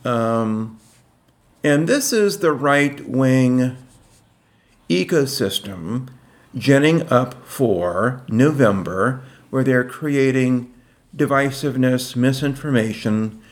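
Older man, slow deliberate emphasis. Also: medium pitch. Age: 60s. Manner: measured, drawn-out emphasis on key words. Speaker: podcast co-host. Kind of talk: casual political chat.

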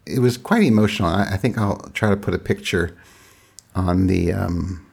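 A middle-aged man casually recounting a personal story in a halting, reflective way, often restarting his sentences. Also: low-pitched, vocal fry, darkish tone, slightly rough.

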